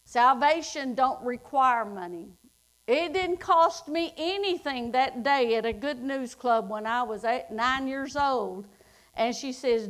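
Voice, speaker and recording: A middle-aged woman delivers a sermon in a high voice. She takes her time, drawing out the scripture lines and then pressing her points with emphatic force. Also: fairly bright tone. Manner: slow, drawn-out scripture reading, rising to emphatic declarations. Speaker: preacher.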